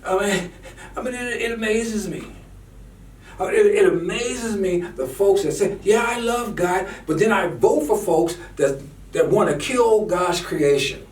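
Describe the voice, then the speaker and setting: Speaking at a measured pace, this male commentator has a high, somewhat dark voice and launches into a fervent, sermon-like political tirade, often repeating himself when heated. His voice comes from off-mic in an echoey space.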